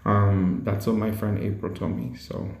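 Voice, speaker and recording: In an echoey room, a crafting channel host with a lowish, slightly mellow voice does a casual tutorial voice-over at a moderate pace. He's playful and chatty and laughs often.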